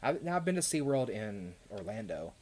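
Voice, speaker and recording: A man with a Kentucky accent rambles through a casual live stream, answering viewers between laughs and fillers. His voice sits a little low. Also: very animated, normal speed, a little mellow.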